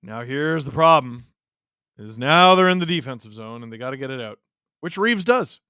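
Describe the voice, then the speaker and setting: A man hosting a live watch-along of a hockey game, excitably calling the play with sudden outbursts and muttered asides. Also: medium pitch, fairly quick, clear, resonant tone, no echo, clean studio sound. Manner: excitable, jumps between shouting and muttering. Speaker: host.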